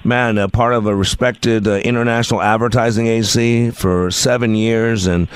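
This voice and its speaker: A man hosting a faith-based radio talk show, energetic and emphatic, interviewing a guest. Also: on the low side, moderate pace, clean tone, dry recording. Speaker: radio host.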